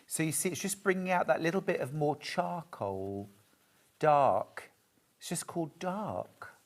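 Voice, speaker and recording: A woman's voice: deep voice, lively intonation, a little slow. A woman with a British accent presenting a live shopping show, chatting to viewers and gushing over fabrics. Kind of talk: live sales demonstration.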